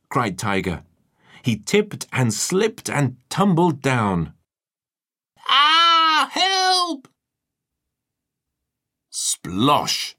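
A man narrating a children's storybook in a lively, expressive way. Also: fairly low pitch.

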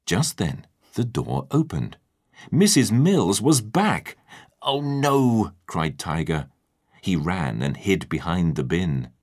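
A man narrating a children's storybook in a lively, expressive way. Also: low-pitched, takes it slowly, slightly rough.

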